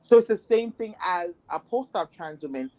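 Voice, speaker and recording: A woman's voice: on the low side, expressive, normal speed, dark tone. Blunt, rambling woman guest. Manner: blunt, rambling, frequent "like" fillers. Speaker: interview guest. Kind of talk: casual candid conversation.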